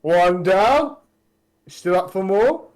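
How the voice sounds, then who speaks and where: A man playing a tabletop game, jokey and quick to chuckle as he teases the others. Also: high voice, lively intonation. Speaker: player. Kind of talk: playful table talk.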